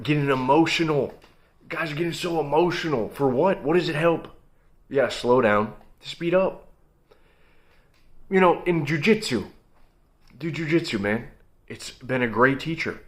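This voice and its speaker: A young man giving a blunt, emphatic motivational monologue as host of his own video channel, coaching listeners directly. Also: on the high side.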